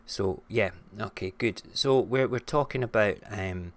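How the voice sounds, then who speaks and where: A low-pitched Scottish man hosts a live-streamed morning show from a home setup. He talks casually and frankly, drifting into ranting, with swear words thrown in. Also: unhurried. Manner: frank and ranty, swears freely.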